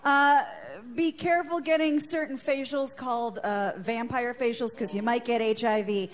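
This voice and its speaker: A woman co-hosting a podcast, reading a short news item and explaining it in a quick, breezy, matter-of-fact way. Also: fairly high pitch, steady tone. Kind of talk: casual podcast chat.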